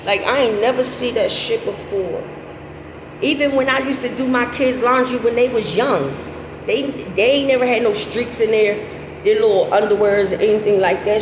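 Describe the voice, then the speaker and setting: Middle-aged woman, casual storytelling, animated, profane, echoey sound, loud background noise. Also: moderate pace. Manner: animated, profane, laughs into high squeals.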